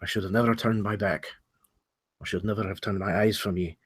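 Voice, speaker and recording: A man voicing an ashamed, devout male warrior who prays to his god in a low, solemn, pleading way during a tabletop game. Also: steady tone, brisk, breathy edge, no echo. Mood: solemn prayer.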